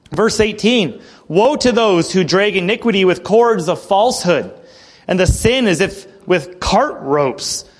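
High-voiced man preaching a sermon. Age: adult. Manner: conversational, reads scripture then explains with asides. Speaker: pastor. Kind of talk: expository sermon.

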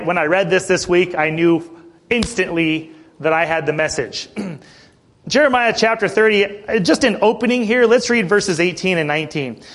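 A middle-aged male pastor with a high voice delivers a sermon in a relaxed, chatty way. He tells stories loosely and keeps clearing his throat between thoughts.

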